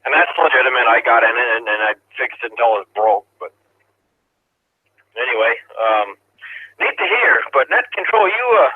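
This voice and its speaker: A man's voice: medium pitch, sing-song, moderate pace, breathy edge, dry recording. A man checking in to an amateur radio net, chatting in a rambling, amused way. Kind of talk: casual chat over the radio. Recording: tinny two-way radio audio.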